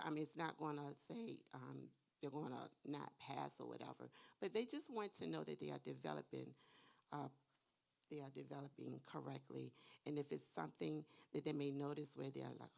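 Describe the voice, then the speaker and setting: A woman's voice: low-pitched, gravelly. A woman who teaches kindergarten, presenting a seminar for parents, explaining skills patiently step by step and often checking in with "okay?".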